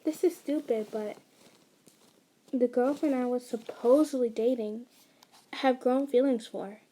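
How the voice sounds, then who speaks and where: Woman voicing a guarded, awkward young psychic boy in an audio fanfic; quiet and halting, voice sits a touch high. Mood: shy.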